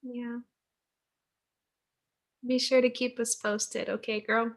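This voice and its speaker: A woman's voice: fairly high pitch, level tone, slow pace. A woman coaching a group on a video call, affirming and encouraging members.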